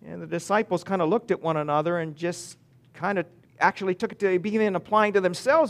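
Male pastor, fairly high voice, sermon delivery, reads verses slowly, punches key words then drops to a near hush. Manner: emphatic, with sudden swings between loud and hushed delivery; reads scripture slowly and deliberately.

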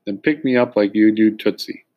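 A man voicing an excitable, jealous little boy with a high, sing-song childish voice. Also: normal speed, natural voice. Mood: demanding.

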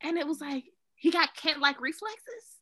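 Animated, playful woman co-hosting a podcast. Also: high-pitched, moderate pace, low-quality recording. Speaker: podcast co-host. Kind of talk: casual chat.

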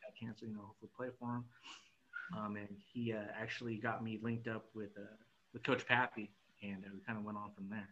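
A man's voice: lowish voice, little pitch movement, fast talker, fairly bright tone, muffled recording, a little hiss or hum. A young man from California's Central Valley, a podcast guest talking in a loose, rambling way and laughing often. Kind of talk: casual chat.

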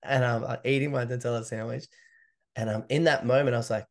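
A man's voice: medium pitch, fairly even intonation, fast talker. A man, a podcast guest telling a candid, swearing story and acting out the quotes. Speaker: podcast guest, ultra runner. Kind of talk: casual storytelling.

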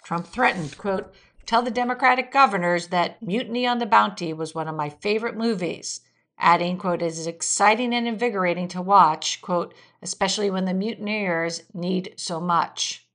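A woman's voice: mid-range voice, normal speed, a bit bright. A woman hosting a weekly news show, reading quotes aloud and adding brief asides. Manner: reads quotes aloud, adds occasional asides with fillers. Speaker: podcast host reading weekly political news. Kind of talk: read-aloud news commentary.

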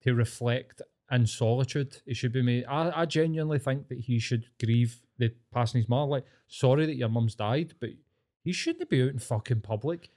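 A man's voice: mid-range voice, moderate pace, darkish tone. Sweary Scottish man ranting. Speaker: podcast co-host. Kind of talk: casual podcast chat.

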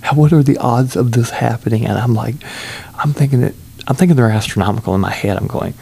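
A man telling a rambling, amused story about a trip in a casual vlog, with lots of fillers and restarts, sometimes dropping into a hushed whisper. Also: mid-range voice, fast talker, vocal fry, husky. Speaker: solo traveler telling a story.

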